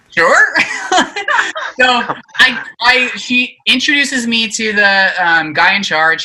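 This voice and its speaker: A young man with a very bright, forward voice, talking casually as a podcast guest. He tells his stories in an animated way, slipping into the voices of the people he quotes and filling pauses with "like" and "um.". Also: a little high, low-quality recording. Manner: animated storyteller, acts out quoted voices, many fillers. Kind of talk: casual chat, storytelling.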